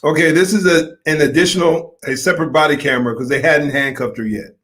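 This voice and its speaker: A man's voice: on the high side, quick pace, a bit bright. A man talks through a video as its host, in a casual commentary style. He is earnest and grows emphatic when a point gets him worked up.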